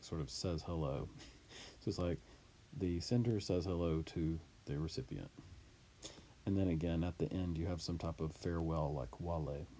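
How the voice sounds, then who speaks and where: A man teaching Latin, reading a text aloud and explaining it deliberately, word by word. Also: low-pitched, dark tone, slight background noise.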